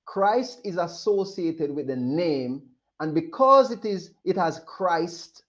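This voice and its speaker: Male preacher, high voice, slow deliberate delivery, dull lo-fi sound. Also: animated, fairly bright tone. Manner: emphatic, repeats phrases, voices questions of others. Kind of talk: sermon. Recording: dull lo-fi recording.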